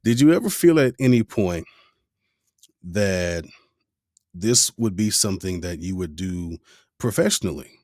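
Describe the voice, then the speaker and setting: A man's voice: sits low, animated, a little slow, pauses often, a little mellow, dry recording, studio quality. A man hosting a podcast interview, talking in a laid-back, reflective way. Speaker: podcast host. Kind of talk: casual interview chat.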